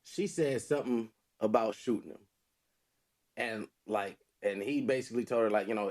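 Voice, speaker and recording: A man's voice: medium pitch, normal speed, darkish tone. Rambling man telling a story. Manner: rambling, repeats himself, many fillers. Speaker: podcast co-host. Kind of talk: casual storytelling chat.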